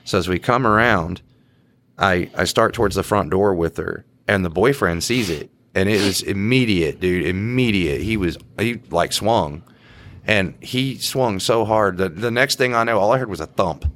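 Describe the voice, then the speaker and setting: A man's voice: deep voice, normal speed, fairly bright tone. A man co-hosting a podcast, casually telling a police story in a slangy way. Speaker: podcast co-host and police officer.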